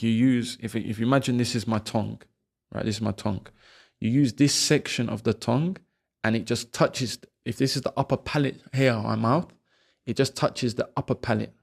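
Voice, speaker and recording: A man giving a video lesson on letter sounds, patiently repeating each sound slowly for learners to copy. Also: mid-range voice, steady tone, creaky. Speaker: language teacher. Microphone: camera, close framing.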